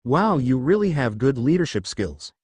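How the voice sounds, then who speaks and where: Guy doing a bored demon king, teasing and lazy, pitch goes all over, dry. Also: very animated, normal speed, darkish tone, husky, no room sound.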